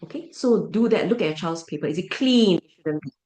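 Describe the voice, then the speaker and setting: A woman's voice: fairly low pitch, animated, a little fast, darkish tone, roomy sound. A woman giving a parent briefing as a teacher, emphatic and full of rhetorical check-ins.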